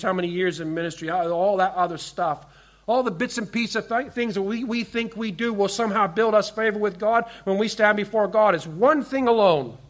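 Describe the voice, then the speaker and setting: A pastor delivering a sermon, his voice sitting high for a man. He preaches earnestly, slowing to stress scripture and sinking soft and low on key words.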